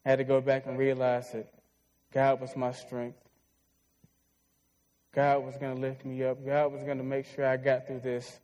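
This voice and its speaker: Earnest young male preacher, mellow tone. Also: mid-range voice, monotone, moderate pace, pauses often, poor audio. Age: 20s. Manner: earnest, heartfelt storytelling. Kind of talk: sermon.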